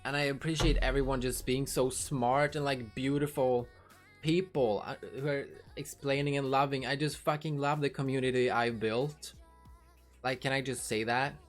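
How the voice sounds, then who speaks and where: A woman's voice: rumbling low, steady tone, normal speed, faint music behind. Frank, swearing woman streamer chatting. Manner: frank, swears freely, talks to chat. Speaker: livestreamer. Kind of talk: casual livestream chat.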